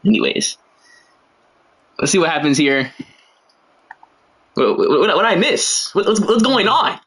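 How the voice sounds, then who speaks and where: A young man calls a game live on stream, cracking jokes and wandering off into slangy asides between plays. His voice sits a little on the high side for a man. The tone stays loose and casual. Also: sing-song, unhurried, fairly bright tone. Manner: joking, rambling, slangy asides. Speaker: game commentator. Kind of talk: casual livestream play-by-play commentary.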